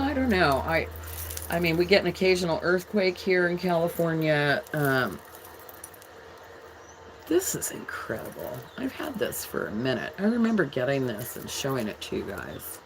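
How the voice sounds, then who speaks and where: A woman's voice: low voice, sing-song, moderate pace, a little hiss or hum, low-quality recording. A woman from England hosting a jewelry live stream, chatting casually with viewers and reading their comments aloud as she shows pieces.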